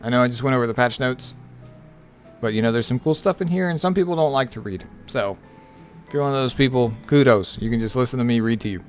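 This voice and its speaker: A man's voice: mid-range voice, quick pace, faint music behind. A tired man who has been up all night, casually going over game patch notes with lots of fillers and offhand remarks. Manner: rambling, filler-heavy, offhand. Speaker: gaming content creator.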